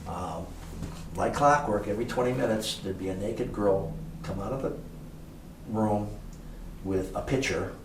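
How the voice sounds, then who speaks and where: An older man who once owned a motel tells rambling, filler-laden anecdotes as a guest in a casual storytelling interview. His voice is fairly low and measured, with frequent pauses, captured by a distant mic in an echoey room with faint hiss.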